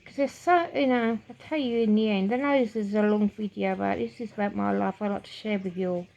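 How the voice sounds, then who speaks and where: A woman's voice: mid-range voice, steady tone, a little fast, creaky, a little mellow. A middle-aged woman telling a painful personal story to camera, emotional and rambling, with swearing and frequent restarts. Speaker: vlogger.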